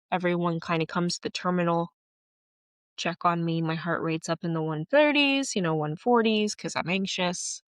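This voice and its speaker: Woman podcast host, personal monologue, earnest and emotional, low-ish pitch, dry close sound. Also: fairly bright tone, no room sound.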